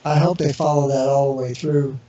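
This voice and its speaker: A male interview guest's medium-pitched, mellow voice runs a little fast with little pitch movement. He tells casual, rambling anecdotes loaded with fillers and restarts, putting on the voices of people from his stories, heard through echoey, distant, muffled internet radio audio with crowd noise.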